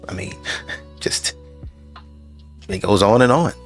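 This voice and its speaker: A man's voice: lowish voice, takes it slowly, creaky, soft background music. A man giving reaction commentary in a dry, mocking way. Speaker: reaction channel host.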